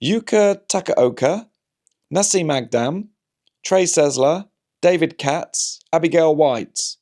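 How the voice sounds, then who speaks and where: A man's voice: on the high side, takes it slowly, a little mellow. Wry man, rambling comic monologue. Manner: wry, anecdotal, talks himself through hypotheticals with frequent restarts. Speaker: comedian and vlog host.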